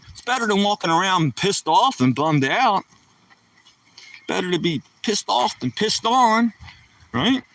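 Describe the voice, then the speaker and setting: Man, middle-aged, casual live stream chat, joking and rambling, bright slightly high voice. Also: lively intonation, measured pace, pauses often. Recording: voice somewhat far from the mic.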